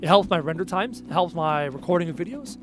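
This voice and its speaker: Faint music sits behind a Canadian man whose high voice is animated and fast. He's streaming a game, bantering sarcastically with his audience and reading their chat aloud to answer it.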